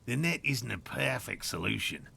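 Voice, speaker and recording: A man with an Australian accent voicing a careful scientist in a video game, speaking in a measured, precise way. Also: mid-range voice, big pitch swings, vocal fry, pushed and bright, a little hiss or hum, full character voice. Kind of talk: game voice acting.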